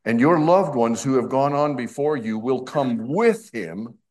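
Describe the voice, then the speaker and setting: A middle-aged male pastor preaching an expository sermon, slow and emphatic, with conversational asides. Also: medium pitch, animated, darkish tone.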